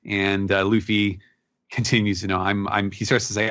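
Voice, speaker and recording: Low-voiced man recapping with many fillers. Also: flat delivery, bright, forceful tone, no room sound, muffled recording. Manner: halting, many fillers and restarts. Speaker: podcast co-host. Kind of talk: casual manga recap chat.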